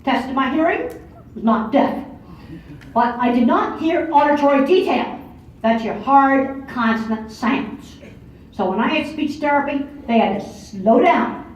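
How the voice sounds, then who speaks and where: Older woman, blunt and emphatic lecturer, high voice, distant in a big echoing hall. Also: animated, measured pace. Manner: blunt, matter-of-fact, emphatic. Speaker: speaker giving a lecture. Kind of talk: conference talk. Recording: far-off echoey hall, dull lo-fi audio.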